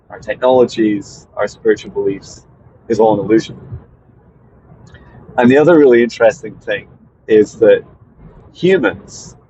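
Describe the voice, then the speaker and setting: Guy talking spiritual stuff to camera, kinda low voice, hesitant, lots of ums, muffled audio. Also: darkish tone, a little hiss or hum. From Scotland. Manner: meandering, hesitant with fillers and restarts. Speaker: spiritual mentor. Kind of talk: casual monologue to viewers.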